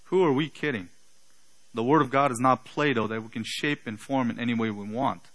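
A man preaching a sermon, building to loud emphatic peaks and trailing off quietly at the ends of phrases. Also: mid-range voice, fairly quick, poor audio.

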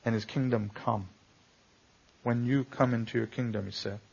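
A man's voice: mid-range voice, fairly even intonation, moderate pace, gravelly, darkish tone, slightly rough, dull audio. A man preaching a sermon, building to emphatic swells and asking the listeners rhetorical questions. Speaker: pastor.

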